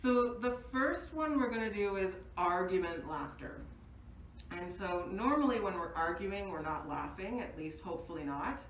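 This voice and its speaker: A woman's voice: mid-range voice, expressive, moderate pace, recorded from a distance, a little hiss or hum. A woman teaching laughter yoga, cheerfully guiding exercises with rhythmic ho-ho-ha-ha laughing. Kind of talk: leading laughter exercises and being interviewed. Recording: echoey room, voice from off-mic.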